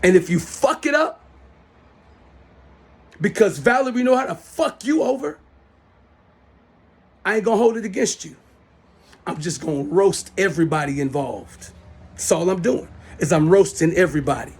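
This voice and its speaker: Man, middle-aged, angry phone rant, husky voice, keeps repeating himself, profane. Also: high voice, lively intonation, normal speed, pauses often. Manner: heated, profane, repetitive. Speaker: self-styled show host. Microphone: smartphone.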